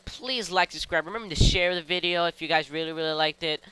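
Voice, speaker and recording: A gameplay commentator, giggly and excitable, breaking into high yelps. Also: fast talker, clean tone.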